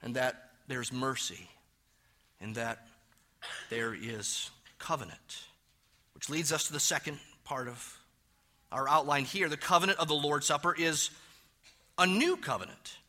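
Bright-voiced preaching man. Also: animated, measured pace, long pauses. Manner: emphatic preaching, swinging between loud stresses and hushed low phrases. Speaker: pastor. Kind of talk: sermon.

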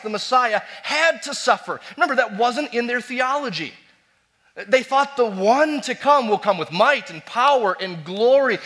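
A man preaching a sermon, swinging between loud emphatic repetitions and quiet, low asides.

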